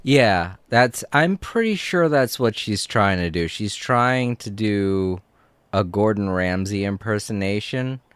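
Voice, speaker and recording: A man's voice: fairly low pitch, lively intonation, takes it slowly, a bit bright, clear, resonant tone, no room sound. A man streaming a video game, giving casual, rambling commentary and laughing often.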